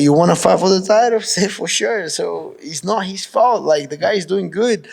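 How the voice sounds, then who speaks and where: A man's voice: a little high, vocal fry. Frank Brazilian-accented man talking casually. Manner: casual, frank, restarts often, says "bro". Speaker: professional fighter. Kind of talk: pre-fight media interview.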